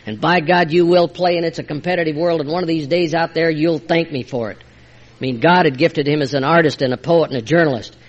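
An older man gives a heartfelt personal testimony at a recovery meeting. His voice sits a little high for a man, and he moves between quiet, hushed passages and emphatic bursts. The recording is muffled and lo-fi. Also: fairly even intonation, a little fast. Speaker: speaker sharing his recovery story.

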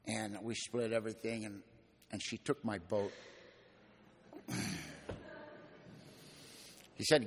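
A man's voice: fairly low pitch, steady tone, moderate pace, long pauses. Older man with folksy, colloquial storytelling. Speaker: recovery meeting speaker. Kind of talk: personal storytelling testimony. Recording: long hall reverb.

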